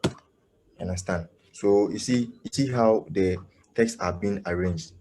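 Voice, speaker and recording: A man teaching web development in a live online class. He speaks haltingly, with many fillers, and keeps checking whether his students understand. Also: deep voice, background noise. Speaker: coding instructor. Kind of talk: live online coding lesson.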